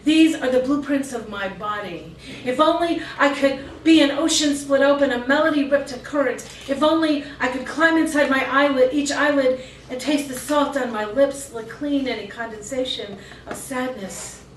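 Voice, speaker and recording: This featured poet's high-pitched voice moves at a moderate pace with few pauses as she reads her poems at a live cafe open mic, swinging from intense, rhythmic performance to conversational asides. Heard from a distance, the room echoes, and slight background noise comes through.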